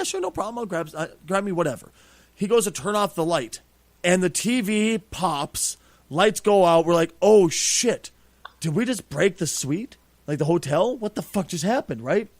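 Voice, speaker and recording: A middle-aged man tells a story on a podcast, loose and full of swearing. His voice sits high for a man and swings widely as he acts out quotes. The sound is dry and close. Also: dry recording. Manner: profane, animated, acts out quotes. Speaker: podcast host. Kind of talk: casual storytelling.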